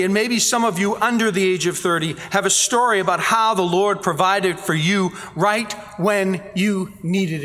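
A man preaching a sermon, telling scripture stories with animated voices for the people in them. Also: high-pitched. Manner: animated storytelling, acting out quoted voices. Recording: reverberant hall.

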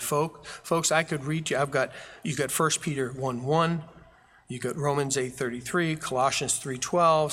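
A man's voice: medium pitch, fairly bright tone, slight background noise. A man preaching a sermon as pastor, with emphatic, repeated phrases. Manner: preaching with rising fervor, emphatic repetition. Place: church sanctuary. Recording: long reverb of a large hall.

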